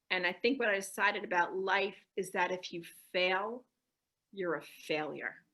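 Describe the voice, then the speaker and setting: A woman with a bright, ringing voice that sits a little high, speaking to a live audience. She tells stories in an animated way and acts out the dialogue, slipping into the voices of the people in them. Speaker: speaker giving a talk. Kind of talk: storytelling talk to an audience. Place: community center hall.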